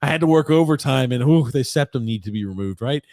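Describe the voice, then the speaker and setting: Animated, teasing male podcast co-host. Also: medium pitch, fast talker, dry recording, clean studio sound. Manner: animated, teasing, laughs often. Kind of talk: casual sports chat.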